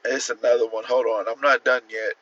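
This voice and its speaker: Man host reacting on a live stream, laughing and cursing, bright voice, muffled lo-fi sound. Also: mid-range voice, flat delivery, brisk. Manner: laughing often, incredulous, profane. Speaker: livestream host. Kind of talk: casual livestream chat reacting to posts.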